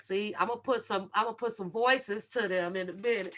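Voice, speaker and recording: A woman's voice: medium pitch, normal speed. A woman hosting a casual livestream over a video call, brash and profane, often laughing and talking straight to her viewers. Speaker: livestream host.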